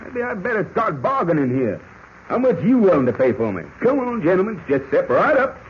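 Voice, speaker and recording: An actor playing a folksy old cowboy prospector who talks in a stubborn Western drawl full of rustic slang, in 1940s radio acting style. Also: male voice, high voice, very animated, fairly quick. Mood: defiant. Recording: dull lo-fi old radio recording with hiss.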